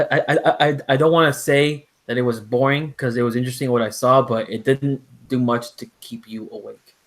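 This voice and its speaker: A man hosting a late-night stream in a mid-pitched, ordinary voice. He rambles, circling back with fillers and false starts. It sounds like a loose chat over a call. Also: a bit bright, low-quality recording. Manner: rambling, full of fillers and restarts. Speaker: host. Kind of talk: casual chat on a live stream.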